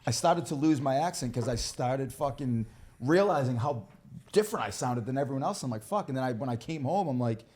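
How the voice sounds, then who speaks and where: A man's voice: mid-range voice, expressive, a little fast, darkish tone. A man with a Boston accent in casual chat, eager and rambling, swearing freely. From Massachusetts. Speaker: podcast co-host.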